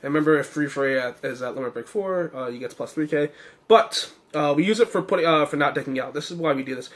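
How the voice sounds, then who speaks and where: A young man, slightly hoarse, casually talking through his card game deck with many fillers and self-corrections. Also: on the high side, fast.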